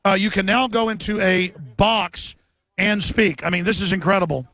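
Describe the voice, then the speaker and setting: A man hosting a radio show live from an outdoor event, ranting fast and chanting slogans through a bullhorn. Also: high-pitched. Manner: shouts protest chants slowly and repeatedly.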